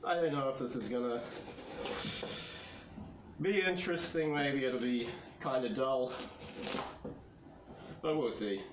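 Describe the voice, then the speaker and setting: A New man chatting through a homemade vlog in an easygoing, rambling way, stumbling over fillers as he goes. His mid-range voice sounds roomy, with loud traffic rumbling outside. He talks at an unhurried pace. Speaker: vlogger. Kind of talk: casual vlog talk. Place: home kitchen, then outside by the back door.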